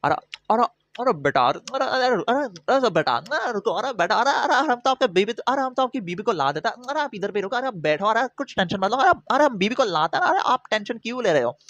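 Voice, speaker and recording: A man voicing a corrupt small-town police officer who talks in a rapid, gutka-chewing mumble and keeps saying "arre". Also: very high voice, big pitch swings, fairly bright tone, dry recording, lo-fi sound, voice pushed up, full character voice. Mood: placating.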